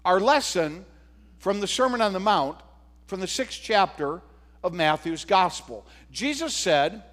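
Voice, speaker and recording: A man preaching a sermon to his congregation, talking in an unhurried, conversational way with fillers and rhetorical questions. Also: high voice, expressive, a bit bright. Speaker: pastor. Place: church sanctuary. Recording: long reverb of a church hall.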